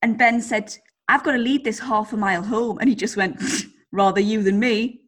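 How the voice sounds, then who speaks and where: A woman co-hosting a podcast, telling a story in casual, animated chat with plenty of swearing. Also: a little high, moderate pace. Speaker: podcast co-host.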